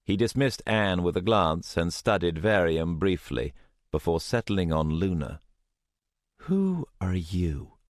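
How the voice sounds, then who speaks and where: A man narrating an audiobook in the first person, in a measured, tense manner. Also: low-pitched, no echo, clean studio sound.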